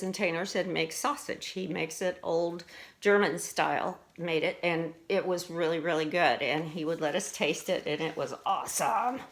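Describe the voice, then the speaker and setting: A middle-aged woman teacher patiently walking students through spelling words, asking them questions as she goes. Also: on the low side. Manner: slow, patient, explains and asks questions.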